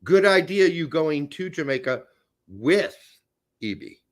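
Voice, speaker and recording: A man's voice: fairly high pitch, animated, a little slow. A man hosting a casual live stream, joking and teasing his co-host.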